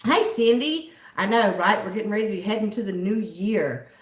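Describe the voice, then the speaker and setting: A woman's voice: mid-range voice, expressive, moderate pace, echoey room. A Southern American woman hosting a livestream, chatting casually and giggling as she greets viewers by name. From southern United States. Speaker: livestream host.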